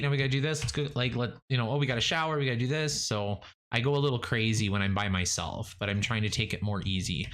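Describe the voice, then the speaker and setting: A man streaming gameplay live, chatting casually with many fillers and restarts, rising in pitch when excited. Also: fast talker, hardly any pauses.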